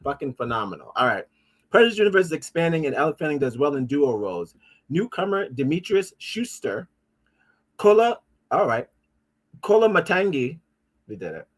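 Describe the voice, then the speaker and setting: A man's voice: on the high side, big pitch swings, moderate pace. A man hosting a casual pop-culture commentary show, rambling and profane, with many restarts and asides. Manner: easily frustrated, talks back at his devices. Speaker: podcast host.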